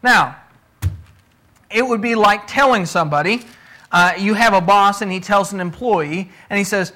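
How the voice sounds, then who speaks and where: A man's voice: sits high, normal speed, bright, forceful tone. A man preaching a sermon in a conversational teaching style, asking rhetorical questions and pressing his points with emphasis. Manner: repeats words when restarting, emphatic.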